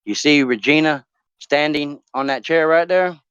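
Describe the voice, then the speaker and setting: A man's voice: a little high, moderate pace, a bit bright, smooth, dry recording, dull audio. A man talking casually on a live stream, rambling and swearing, with many ums and restarts as he talks openly about his family. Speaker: talk show guest.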